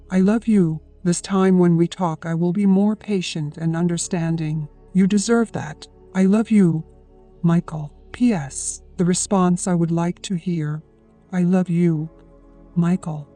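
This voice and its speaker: Mellow-voiced audiobook narrator. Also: medium pitch. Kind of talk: scripted narration.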